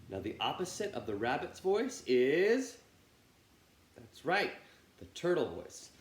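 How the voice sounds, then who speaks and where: A man teaching an online children's music lesson, with an upbeat, encouraging manner as he talks straight to the kids. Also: mid-range voice. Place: music room. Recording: roomy with faint ambient noise.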